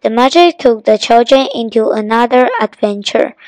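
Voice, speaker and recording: A woman reading a children's storybook aloud, slow and carefully paced. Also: a little high, a little mellow, dry recording, rough recording. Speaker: narrator.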